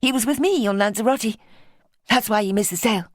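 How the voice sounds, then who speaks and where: A shy, polite young woman speaking softly, as the narrator gives her voice. Recorded close and dry, like a studio audiobook. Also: medium pitch, a little fast, dry recording, pitched above the performer's own voice, close to an everyday voice.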